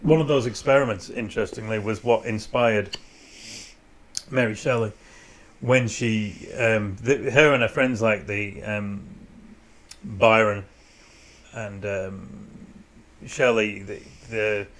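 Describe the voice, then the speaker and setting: A man co-hosting a casual podcast, telling stories animatedly with many restarts and pauses. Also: fairly low pitch, fairly even intonation, fairly bright tone. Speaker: podcast co-host. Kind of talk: casual chat.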